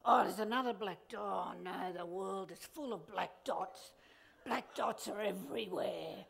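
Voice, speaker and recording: A woman's voice: mid-range voice, unhurried, vocal fry, slightly rough, pitched below the performer's own voice, heavily acted. A woman voicing a gloomy complaining person who frets over every flaw, in a whiny, moaning manner. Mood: fretful.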